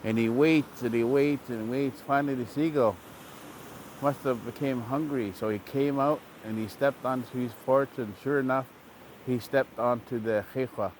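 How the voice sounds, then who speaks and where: A man, a language teacher, telling a traditional story in a relaxed, repetitive oral style. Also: mid-range voice, moderate pace, a little hiss or hum. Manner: relaxed, repetitive, plain-spoken.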